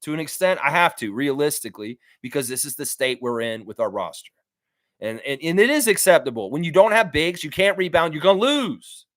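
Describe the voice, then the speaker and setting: A male sports streamer reacting live to his chat, blunt and animated, his pitch jumping up and down as he hammers his points home. His voice is fairly high for a man. The sound is dry and close, with no room echo. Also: a little fast. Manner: blunt, animated, swears freely, repeats himself for emphasis.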